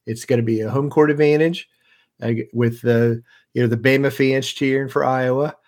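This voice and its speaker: A man's voice: mid-range voice, moderate pace. A man co-hosting a podcast, talking casually and rambling a bit as he sizes up an upcoming game. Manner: relaxed, rambling with fillers. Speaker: podcast co-host. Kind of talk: casual sports chat.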